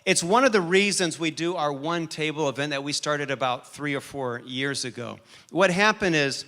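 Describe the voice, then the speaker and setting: A man preaching a sermon and telling a personal story with animated shifts in pace and loudness. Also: on the high side, moderate pace. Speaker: pastor.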